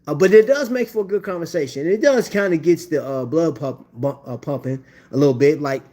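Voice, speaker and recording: A man's voice: a little high, brisk, hardly any pauses, mellow. Laid-back chatty man streaming live. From Indiana. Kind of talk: casual live-stream chat.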